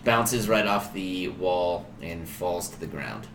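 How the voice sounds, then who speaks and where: A man's voice: low voice, takes it slowly, echoey room, noisy background. A man narrating and explaining rules as dungeon master of a tabletop game. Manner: casual, explains rules at length.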